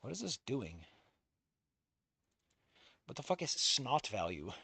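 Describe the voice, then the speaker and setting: A streamer reading a visual novel aloud in casual commentary, swearing often and swinging from low muttering to loud outbursts. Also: sing-song, slow, creaky, breathy edge, no room sound. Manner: swears a lot, rants and self-mocks.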